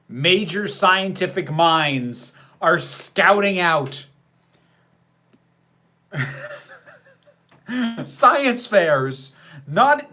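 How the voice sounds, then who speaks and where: Sarcastic man with a lively voice, unhurried. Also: high voice. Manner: sarcastic, laughs often, answers chat questions. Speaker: livestream host reacting to a film. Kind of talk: casual livestream commentary reading chat.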